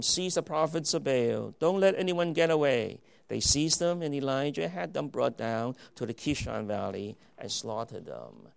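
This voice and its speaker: A man preaching a sermon with emphatic, dramatic delivery that swings between loud declarations and quiet asides. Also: mid-range voice, vocal fry. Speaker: pastor.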